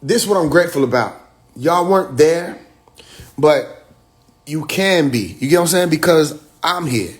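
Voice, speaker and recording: Talking loosely to his followers on a livestream, this man uses slang-filled storytelling, performs the quotes, laughs frequently, and addresses his audience head-on. His voice leans high and expressive, with a moderate pace.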